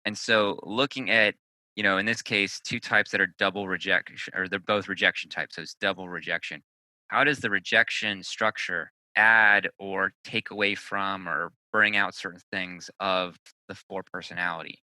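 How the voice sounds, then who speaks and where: A man co-hosting a chatty podcast, talking with a bright, forceful edge. His voice sits fairly low and sounds close and dry. He thinks aloud and swears casually. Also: steady tone, moderate pace, dry recording, low-quality recording. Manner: loose and profane, thinks aloud. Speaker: podcast co-host. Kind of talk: casual chat.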